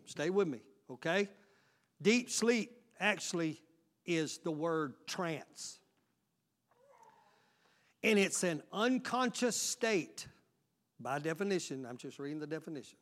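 Pastor, male, high voice, preaching style that swings from loud exhortation to hushed asides and calls out to the congregation. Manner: frequent call-outs to the congregation. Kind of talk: sermon.

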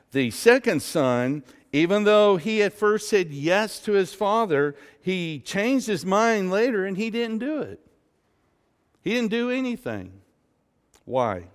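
A man preaching a sermon as pastor, slow and emphatic, asking the congregation rhetorical questions. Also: fairly high pitch, clear, resonant tone, long reverb tail. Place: church sanctuary.

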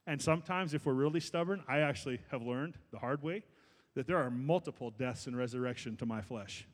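A man preaching a sermon as pastor, building to loud, fervent exhortation. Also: medium pitch, a little fast, big-room sound.

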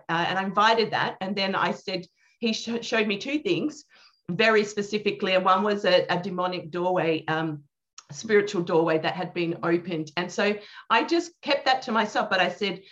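A woman's voice: mid-range voice, moderate pace, dull audio. A woman guest on a faith show, earnestly telling a personal ministry testimony and acting out the dialogue she quotes. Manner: earnest, animated storyteller, acts out quoted dialogue.

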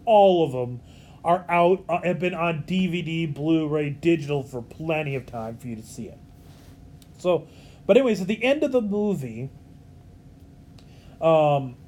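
A man's voice: sits high, darkish tone, slight background noise. A man giving a casual, faith-minded movie review, rambling with frequent restarts and self-corrections.

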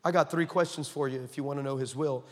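A man preaching a sermon, telling stories with humorous asides and animated delivery. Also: medium pitch, fast. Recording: long hall reverb.

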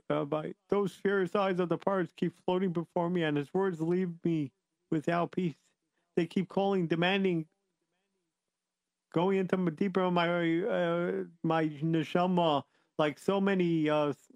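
A man voicing a remorseful, dying old innkeeper who talks haltingly in a weak voice. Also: high voice, steady tone, vocal fry, darkish tone, no room sound. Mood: anguished.

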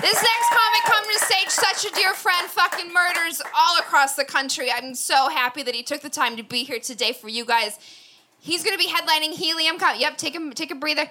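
Lady mc hyping the crowd, super high bouncy voice, bright and sharp. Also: brisk. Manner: hyped, shouting to the crowd. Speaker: comedy show host. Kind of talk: introducing comedians on stage. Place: comedy club stage. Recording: noisy club recording.

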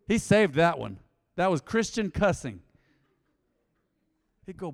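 A middle-aged male pastor preaching a sermon in an animated, conversational way, talking straight to the congregation. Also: sits high, moderate pace, long pauses, in a large hall. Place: large church auditorium.

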